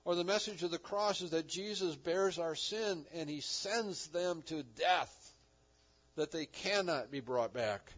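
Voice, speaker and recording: A man's voice: fairly high pitch, unhurried. A man preaching a sermon as pastor, earnest, with rising and falling emphasis. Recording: dull lo-fi recording.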